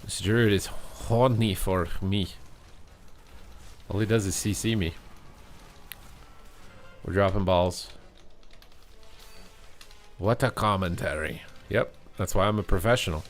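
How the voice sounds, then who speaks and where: A man's voice: deep voice, unhurried, long pauses, a bit bright, soft background music. A young man streaming a game live, giving playful commentary full of jokes and trash talk.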